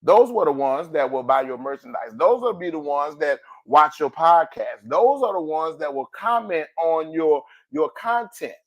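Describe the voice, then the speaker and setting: A male podcast host delivers a motivational monologue in a colloquial, sermon-like manner. His voice sits a little high for a man. He swings from loud exclamations to quiet asides. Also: big pitch swings, moderate pace, few pauses. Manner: preachy, exclaims "ooh", big swings in pitch and volume; colloquial, addresses listeners as family.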